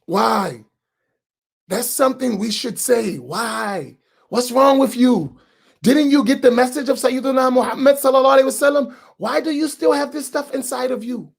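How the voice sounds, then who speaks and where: A man with an American accent, an imam preaching a sermon with rising shouts and repeated rhetorical questions. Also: very high-pitched, moderate pace, vocal fry. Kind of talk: impassioned sermon.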